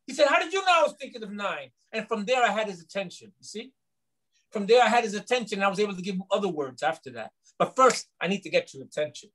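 A middle-aged male pastor from New York, teaching with personal testimony and acting out the dialogue as an animated storyteller in a small group. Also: high voice, quick pace, poor audio.

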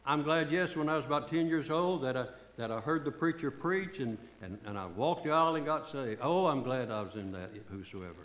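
Older preacher in an echoey church. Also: male voice, mid-range voice, animated, brisk, few pauses, fairly bright tone. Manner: fervent, repeats phrases for emphasis. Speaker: pastor. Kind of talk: sermon. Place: church sanctuary.

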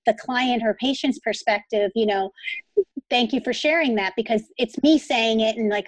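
A woman's voice: on the high side, normal speed, dry recording, low-quality recording. A woman hosting a podcast, responding supportively and rambling through her points in casual interview chat. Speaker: podcast host. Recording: dry close sound.

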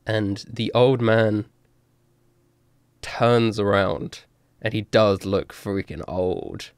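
A man narrating a tabletop game as game master, slow and full of fillers. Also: on the low side, smooth, dry recording, studio quality. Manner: slow, filler-heavy, chuckling.

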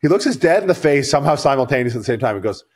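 A man's voice: mid-range voice, expressive, rapid-fire, a little mellow, breathy edge. A man co-hosting a podcast, telling stories in casual chat, rambling and swearing freely. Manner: profane, rambling storyteller. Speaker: podcast co-host.

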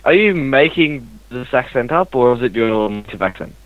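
A man's voice: medium pitch, lively intonation, normal speed. A man, a fellow player on voice chat, talking casually in a polite, dry manner. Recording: dry tinny voice-chat line.

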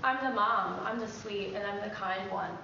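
A woman's voice: medium pitch, steady tone, moderate pace, creaky. A woman, a mother and reality show contestant, doing a pro wrestling promo, hesitant and then fierce with swearing. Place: large echoey house interior. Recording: echoey dull livestream audio with noise.

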